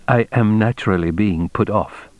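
A man's voice: on the low side, moderate pace, no room sound, narrow, tinny audio, close to an everyday voice. A man voicing a tense, formal male trade official who speaks in stiff, clipped phrases. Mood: musing.

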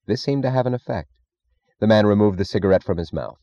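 A man narrating a novel in a measured, even storytelling manner. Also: on the low side, no echo, lo-fi sound. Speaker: audiobook narrator. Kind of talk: scripted narration.

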